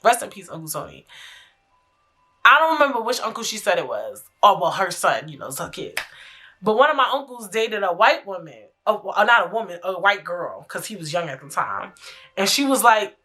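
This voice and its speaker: Young woman, podcast host, casual solo chat, profane and laughing, bright tone, middle pitch. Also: a little fast. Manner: animated, frank and profane, frequent laughter.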